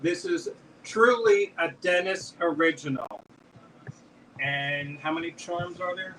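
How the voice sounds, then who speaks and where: A man runs a live-stream jewelry auction, talking slowly through each piece and calling the bids in a chatty way. His voice is bright and slightly high. He sits a little away from the mic, with a faint hiss in the background. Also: distant mic, rough recording. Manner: chatty, calls bids and describes items. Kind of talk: live auction selling chat.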